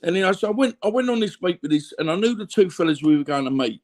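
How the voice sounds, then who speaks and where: A man's voice: high voice, lively intonation, quick pace. Blunt rambling Cockney man. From London, England. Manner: rambling, repeats fillers, blunt and earthy. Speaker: guest. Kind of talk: candid conversational storytelling.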